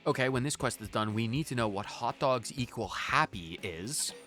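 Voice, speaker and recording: A man streaming a game, chatting casually in an animated, joking way with frequent stammering restarts. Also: mid-range voice, normal speed, faint music behind. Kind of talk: casual gaming commentary.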